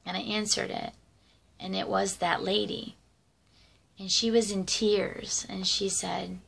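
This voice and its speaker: Gravelly middle-aged woman telling stories. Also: medium pitch, level tone, slow pace, a bit bright. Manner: rambling, conversational, many fillers and asides. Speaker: vlogger. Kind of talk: casual personal storytelling.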